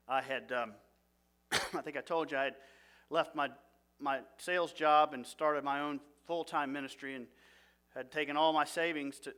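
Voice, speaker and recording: A man's voice: fairly high pitch, a bit bright. Man teaching a seminary class. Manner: conversational, asks the audience questions. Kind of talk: seminary lecture.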